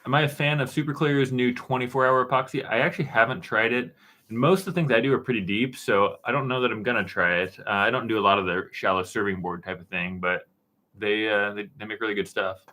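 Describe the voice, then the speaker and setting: A man in his thirties hosting a casual live stream, answering chat questions in a relaxed, rambling way with plenty of fillers and restarts. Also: lowish voice, fast talker. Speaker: woodworking channel host answering live chat. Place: dark-painted home studio room.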